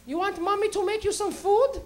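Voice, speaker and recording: A man's voice: extremely high pitch, steady tone, a little fast, voice pushed up. A man voicing a middle-aged mother who needles and teases her stoner son in a sing-song way. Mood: needling. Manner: sing-song needling calls of his name.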